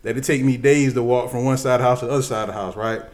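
A man's voice: medium pitch, fairly even intonation, very fast, a little mellow, voice pushed down, close to an everyday voice. A man voicing a greedy, crude man making wishes in a spoken joke. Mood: eager. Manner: eager, crude.

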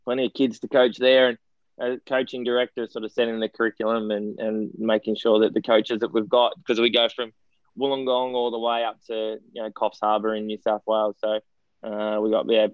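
A man's voice: fairly low pitch, no room sound, narrow, tinny audio. An Australian man, a former footballer and now coaching director, chatting as an interview guest and telling long stories with many fillers and restarts. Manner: rambling, self-deprecating storyteller with many restarts and fillers. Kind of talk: casual interview chat.

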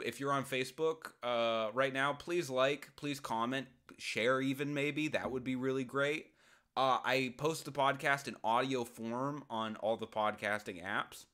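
A man with a bright, forward voice hosts a solo advice podcast. He rambles and jokes his way through a listener's question, breaking into sudden loud outbursts. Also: mid-range voice.

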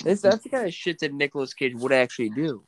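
A man's voice: a little high, expressive, quick pace, no room sound. A man who acts on stage, chatting casually and teasing bluntly with a dry tone. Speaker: stage actor and podcast guest. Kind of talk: casual chat.

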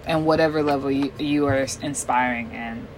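A woman's voice: rumbling low, fairly even intonation, a little fast, slight background noise, low-quality recording. A woman co-hosting a podcast in casual chat, laid-back and reflective, laughing easily. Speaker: podcast co-host.

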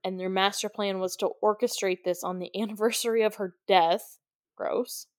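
A young podcast co-host casually recaps a movie, chatting away, giggling often, and using "like" a lot. Her mid-range voice is steady at a normal speed, captured in clean studio quality with no echo.

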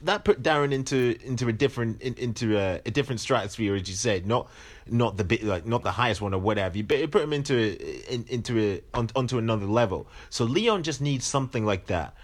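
A man in a casual podcast chat who talks haltingly, repeats words and laughs often. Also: medium pitch, lively intonation.

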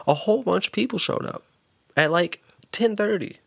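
A man co-hosts a casual podcast, telling a story with lots of energy. He acts out every quote, and his voice leaps high and drops low as he does. The close mic sounds dry, with no room around it. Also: moderate pace, creaky, no room sound. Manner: animated storyteller acting out quotes. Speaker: podcast co-host. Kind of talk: casual chat.

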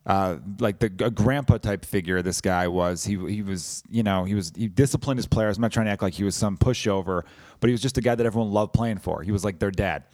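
A man's voice: fairly low pitch, a little fast, a little mellow, no echo, studio quality. A man hosting a podcast, rambling casually with frequent swearing and self-deprecating asides. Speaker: podcast host.

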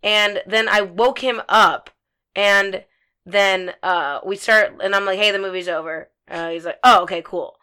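A woman's voice: medium pitch, steady tone, unhurried, bright, forceful tone, clean tone. Blunt, foul-mouthed young woman telling a story. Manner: blunt storytelling, swears freely, many likes. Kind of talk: casual podcast chat.

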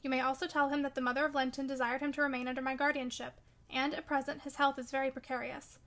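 A woman voicing a calm, decisive gentleman who speaks in measured tones. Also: sits high. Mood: calm firm. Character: calm, firm gentleman, a protective guardian.

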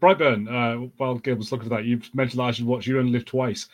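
A British man co-hosting a podcast in casual chat, relaxed and swearing freely. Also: mid-range voice, fast talker. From Britain. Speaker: podcast co-host.

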